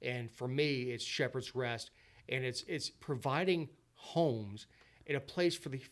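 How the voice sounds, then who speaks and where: A man's voice: medium pitch, measured pace, a bit bright. A man guest on a podcast, telling his story earnestly and often repeating words and restarting his sentences.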